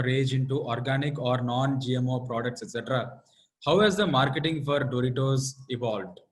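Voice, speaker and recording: A man's voice: mid-range voice, rough recording. Hesitant Indian English male host. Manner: hesitant, many fillers. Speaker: host reading audience questions. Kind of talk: live Q&A moderation.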